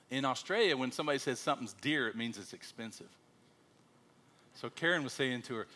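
A middle-aged American missionary speaks to a congregation. His pitch swings widely as he tells his stories. His tone is bright, and he plays the quoted lines for laughs. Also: brisk. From United States. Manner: animated storyteller, acting out quotes with a jokey voice. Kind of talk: church talk to a congregation.

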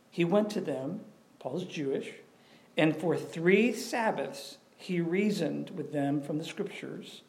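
A man preaching a sermon in a conversational, animated way, often asking questions of the audience. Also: a little high. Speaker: pastor.

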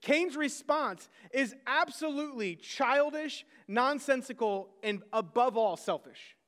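A man's voice: extremely high pitch, unhurried, a bit bright, big-room sound. A man, a pastor, preaching a sermon conversationally, with self-deprecating asides to the congregation.

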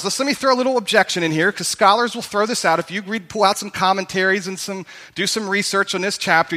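Brief: high, bright male pastor, storytelling sermon, long reverb of a church hall. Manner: conversational storytelling, calls to the congregation.

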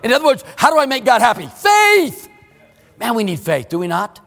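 A male pastor preaching a sermon in a church, emphatic, swinging between loud exclamations and hushed asides. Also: extremely high pitch, sing-song, very fast, creaky, big-room sound, faint music behind. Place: church sanctuary.

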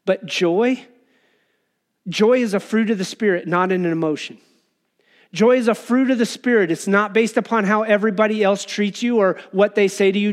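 A man preaching an earnest, conversational sermon, acting out people's complaints as he goes. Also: sits high. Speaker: pastor.

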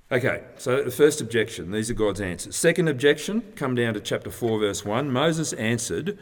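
A man delivers a sermon at a middle pitch, walking his listeners through scripture in a plain, conversational teaching manner. He often restarts his phrases as he explains. His voice carries a long hall reverb. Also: expressive, normal speed. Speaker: preacher.

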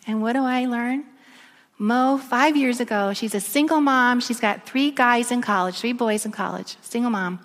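A woman's voice: fairly high pitch, normal speed. Woman preaching in a reverberant hall. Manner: storytelling, drops to soft near-whisper at emotional moments. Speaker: speaker. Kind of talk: sermon. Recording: echoey long reverb of a large room.

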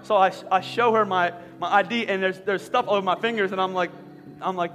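A man in his thirties from Philadelphia, preaching a sermon in a large church and telling a lively personal story. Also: sits high, brisk. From Philadelphia, USA. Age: 30s. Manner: animated, rising to near-shouting. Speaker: pastor. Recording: long hall reverb, faint music.

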